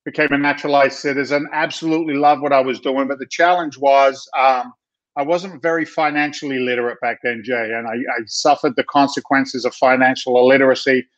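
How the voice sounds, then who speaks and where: A middle-aged Englishman, a guest in a casual interview, tells his story in a brisk, animated, chatty way, laughing often and restarting sentences. His voice sits at a medium pitch, and the recording has a dull, lo-fi sound.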